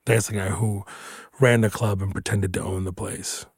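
A man's voice: on the low side, normal speed, breathy edge, no room sound. Thirties guy, comic telling stories, swears a lot, ribbing his buddy, dead dry close sound. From Houston, Texas. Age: 30s. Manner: animated, swearing, playful banter. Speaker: comedian co-host. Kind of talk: casual chat.

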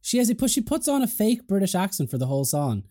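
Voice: medium pitch, sing-song, fast, warm tone, no room sound, clean studio sound. A podcast host chatting casually with a co-host, laughing often and swearing offhandedly, wearing headphones. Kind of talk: casual chat.

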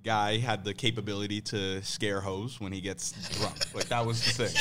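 A man's voice: lowish voice, fairly even intonation, moderate pace, heavy background noise. A man co-hosting a podcast, telling a story in a laid-back way and chuckling as he goes. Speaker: podcast co-host. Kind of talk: casual chat.

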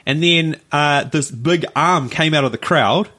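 A man's voice: fairly high pitch, measured pace. Rambling New man telling stories. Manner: rambling storyteller, animated retelling. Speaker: podcast co-host. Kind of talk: casual chat.

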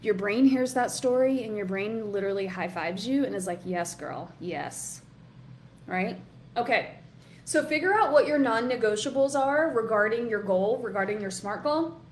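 A woman's voice: on the high side, moderate pace, a little hiss or hum. A woman hosting a live online workshop as a coach, chatty and encouraging, reading out comments from the chat. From Southern US.

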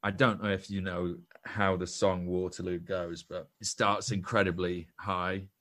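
A man's voice: deep voice, level tone, measured pace, fairly bright tone. A young man, a podcast guest and actor, telling a self-deprecating story in casual chat with frequent restarts.

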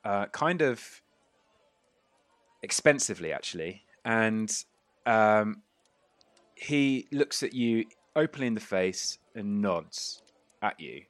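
A man's voice: fairly low pitch, lively intonation, slow, pauses often, no room sound. A man narrating as game master of a tabletop game, rambling with many fillers.

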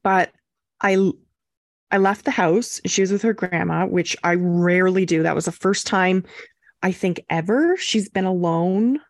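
A young woman co-hosting a podcast, telling a story in a casual, animated way and acting out quotes. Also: on the low side, measured pace, no room sound, clean studio sound. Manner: animated, acts out quotes with swearing and laughs. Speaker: podcast co-host.

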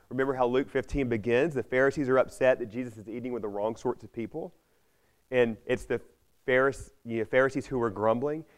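A man preaching a sermon, retelling a parable with lively emphasis and briefly acting out the characters' lines. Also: mid-range voice. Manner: emphatic, repeats key phrases.

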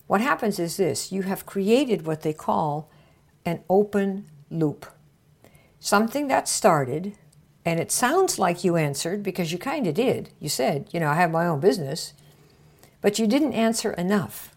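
A woman hosting a marketing podcast, coaching listeners in a casual way and acting out little conversations with bright shifts of tone. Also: lowish voice, a little slow. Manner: acts out little dialogues with lively shifts of tone.

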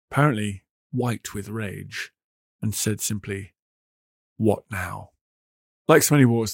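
A man hosting a podcast, telling history in a measured, emphatic storytelling manner. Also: lowish voice, creaky, no echo, clean studio sound. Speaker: podcast host. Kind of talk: scripted history narration.

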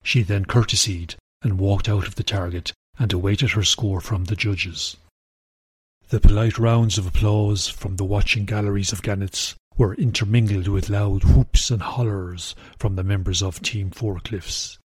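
A man with a low, husky voice reads a storybook tale in an even, gentle way. The sound is dry and close to the mic. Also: measured pace, dry recording. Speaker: narrator. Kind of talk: scripted storybook narration.

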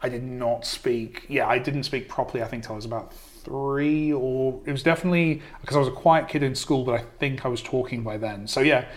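A man's voice: medium pitch, fairly quick. A man with a mildly posh southern English accent, a guest in a casual podcast conversation, talking in a self-deprecating way with many restarts. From southern England. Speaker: game writer, guest.

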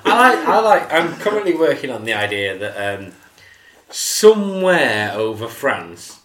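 A man joking deadpan in a casual podcast chat. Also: mid-range voice, unhurried, distant mic. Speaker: podcast co-host. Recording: echoey room, off-mic, faint noise.

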